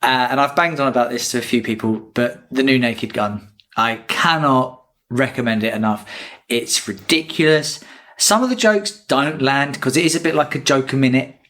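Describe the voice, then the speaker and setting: A man's voice: mid-range voice, moderate pace. A man, co-hosting a podcast in casual chat, telling stories with swearing and gusto. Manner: swearing, animated storytelling. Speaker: podcast co-host.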